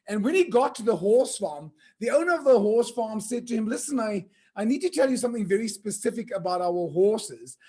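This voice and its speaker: Man, very high voice, virtual conference host, animated joke-teller, shouts punchlines. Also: brisk, few pauses, husky. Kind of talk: lively joke-telling and hosting.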